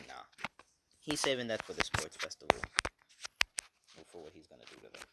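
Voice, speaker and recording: Man, very low voice, casual storytelling, rambling, filler-heavy, swearing. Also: huge pitch swings, fairly quick, creaky, long pauses, very noisy. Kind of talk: casual retelling of a fan story.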